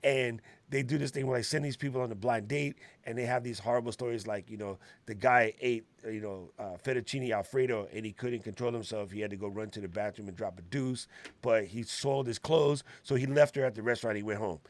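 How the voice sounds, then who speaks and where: A man from Hawaii co-hosting a livestream chat for DJs, telling stories in an animated, opinionated way over a video call. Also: medium pitch, brisk. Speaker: co-host of a DJ livestream. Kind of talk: casual chat.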